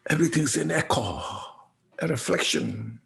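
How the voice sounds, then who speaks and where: A man giving a Dharma talk as a Buddhist teacher, reflective and unhurried, often tagging his points with "you see" and "you know.". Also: fairly high pitch, huge pitch swings, gravelly, a bit bright.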